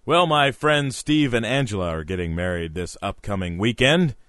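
Deadpan male comedy podcast host. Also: fairly low pitch, normal speed, no echo, clean studio sound. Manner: deadpan one-liner delivery. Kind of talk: scripted comedy podcast monologue.

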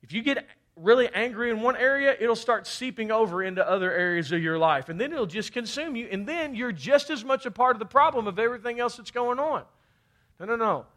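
A man's voice: extremely high pitch, lively intonation, brisk, fairly bright tone. A man from Kentucky preaching a fervent sermon, often calling out for amens. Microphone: handheld or head mic.

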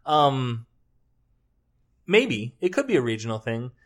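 A young man chatting casually as a co-host, medium-pitched and easygoing. He rambles through his jokes and backtracks to fix himself as he goes. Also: big pitch swings, slow. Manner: joking, rambling, self-correcting. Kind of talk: casual chat.

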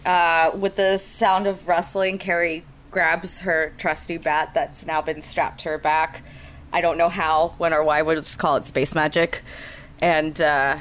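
Playful low-voiced woman player. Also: a bit bright. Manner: playful, jokey. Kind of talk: tabletop role-play, narrating her character. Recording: remote recording with faint noise.

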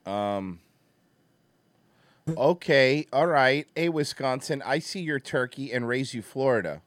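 Male comedy host, rowdy and crude, animated voice, dry booth sound. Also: mid-range voice, slow, dry recording. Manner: loud, goofy, bursts into shouting. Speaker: podcast host.

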